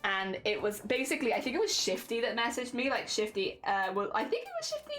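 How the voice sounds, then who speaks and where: A woman's voice: on the high side, huge pitch swings, quick pace, fairly bright tone. A young woman chatting casually on a livestream, giggly and reading chat aloud. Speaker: streamer.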